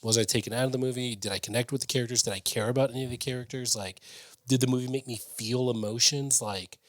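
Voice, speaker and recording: A man's voice: mid-range voice, fairly even intonation, fast talker, no room sound. A man co-hosting a casual movie review chat, talking bluntly and swearing freely. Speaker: movie review podcast co-host.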